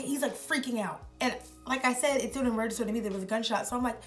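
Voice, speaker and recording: A woman's voice: a little high, quick pace, hardly any pauses, soft background music. A young woman vlogger telling a story in a rambling, casual way, full of filler words. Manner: rambling, heavy use of filler "like".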